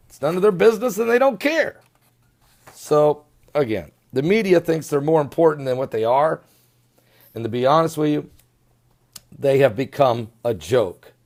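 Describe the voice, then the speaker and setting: A man's voice: on the high side, expressive, moderate pace, a little mellow. A man hosting his own news commentary show, talking in an emphatic, scornful way and stretching out words for effect. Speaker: host of an online commentary channel.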